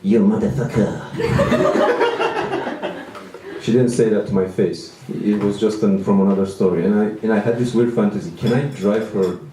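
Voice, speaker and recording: A man's voice: on the low side, fairly even intonation, a little fast, hardly any pauses, far from the mic, background noise. A man in his thirties doing a stand-up comedy set, self-deprecating and rambling with restarts, in a small venue. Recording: echoey room, mic from afar.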